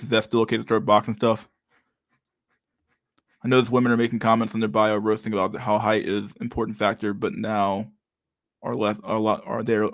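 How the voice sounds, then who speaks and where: A man's voice: on the low side, a bit bright, no echo, clean studio sound. A man in his thirties hosting a casual live stream, reading viewer comments aloud in a loose, profane way and saying "dude" a lot. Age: 30s.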